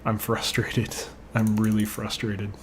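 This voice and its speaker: A man's voice: fairly low pitch, monotone, unhurried, slight background noise. A young man giving let's play commentary, frustrated and swearing, rambling off into personal asides. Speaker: gaming channel host.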